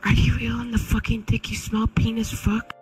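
A woman with a hoarse, strained voice, cursing and mock-angry in casual chat. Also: on the high side, completely flat delivery, normal speed, a little mellow, faint music behind. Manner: foul-mouthed, mock-angry. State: hoarse, lost voice.

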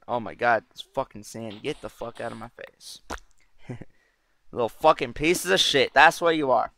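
A man's voice: mid-range voice, unhurried, pauses often, pushed and bright. A man giving casual gameplay commentary as a channel host, brash and profane, rambling as he plays.

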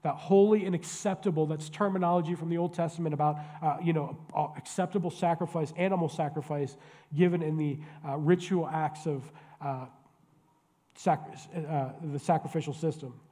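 A man in his forties preaches with a fairly high voice, chatty and joking, putting questions straight to the pews. His words ring out with a long reverb through the church sanctuary, which gives the sermon a spacious sound. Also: steady tone, moderate pace, warm tone. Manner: conversational, joking, questions the congregation directly. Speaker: pastor.

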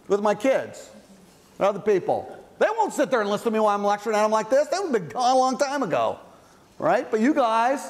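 A man lecturing as a university psychology professor, talking in a conversational, playful way with frequent asides. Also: high voice. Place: large lecture hall. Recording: echoey lecture hall.

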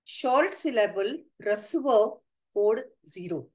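A woman's voice: fairly high pitch, lively intonation, slow pace, rough recording. A middle-aged woman with an Indian English accent, giving a webinar lecture and working through examples step by step. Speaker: webinar presenter on math history. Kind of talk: lecture with slides.

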